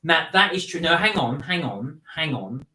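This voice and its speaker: A man's voice: on the high side, very animated, sharp tone. Man co-hosting a live chat, echoey. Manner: measured, reasons things out aloud. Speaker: co-host reading viewer comments. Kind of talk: casual live-stream chat.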